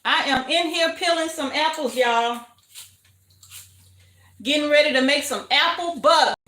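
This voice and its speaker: An older woman chats away on a home livestream, calling out greetings to viewers and laughing often. Her voice sits high and bright, and her talk runs slow and easy. The kitchen around her rings with echo. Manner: chatty, greets viewers warmly, frequent laughter. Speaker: homestead livestream host. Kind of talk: casual livestream chat.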